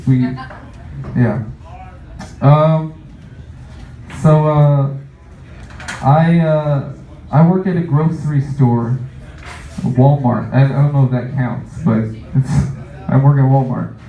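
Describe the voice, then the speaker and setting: A man's voice: mid-range voice, fairly even intonation, slow pace, pauses often, slight background noise. A young man doing a stand-up comedy set, rambling with lots of fillers and laughing at his own jokes. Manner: rambling, filler-heavy, self-amused. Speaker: stand-up comic. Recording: echoey room, distant muffled mic.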